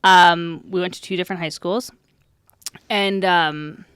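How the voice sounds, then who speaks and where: A woman's voice: lowish voice, steady tone, measured pace, fairly bright tone, clean tone, no echo, clean studio sound. A young woman co-hosting a casual podcast, telling stories with lots of giggling. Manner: giggly storytelling, laughs a lot. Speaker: podcast co-host. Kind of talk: casual chat.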